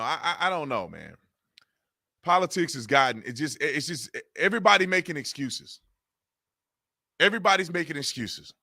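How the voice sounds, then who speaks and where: A man with a notably high, bright voice rants on his own commentary channel. He hammers the same rhetorical questions again and again in loose, informal speech, his pitch rising and falling in lively swings as his exasperation shows. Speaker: political commentary channel host. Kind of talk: ranting political commentary.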